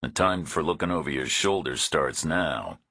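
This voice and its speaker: A man doing a blunt, deep-voiced tough hero. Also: normal speed, breathy edge, dry recording, studio quality, full character voice. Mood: threatening. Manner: flat, menacing, matter-of-fact. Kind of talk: audiobook character voice.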